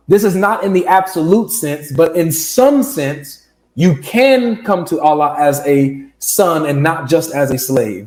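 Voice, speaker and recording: A man in a casual debate over a video call, pressing a precise point in a measured way. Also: a little high, darkish tone. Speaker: Christian debater. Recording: roomy echo.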